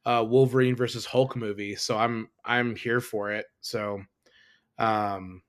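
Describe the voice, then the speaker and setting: A man's voice: lowish voice, unhurried. A man co-hosting a podcast, chatting casually about movies and laughing as he retells jokes. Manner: animated, laughs at own quotes. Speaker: podcast co-host. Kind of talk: casual chat.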